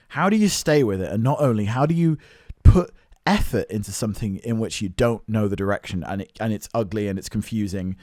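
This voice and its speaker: A man in his twenties with a British accent, talking through his struggles as a solo podcast host, earnest and self-questioning, swinging between loud bursts and low mutters. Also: lively intonation, brisk, dry recording, studio quality. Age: 20s. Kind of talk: reflective solo podcast monologue.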